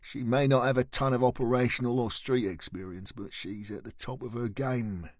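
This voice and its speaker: A man voicing a weary older male police chief who speaks low and pleading. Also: steady tone, normal speed, dry recording, studio quality, close to an everyday voice.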